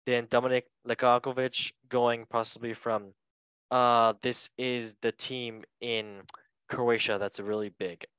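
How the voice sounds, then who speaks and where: A man's voice: medium pitch, little pitch movement, a little slow, fairly bright tone, smooth, no room sound, rough recording. A man hosting a casual football podcast, chatty and joking, correcting himself as he reads through transfer news. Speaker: podcast host.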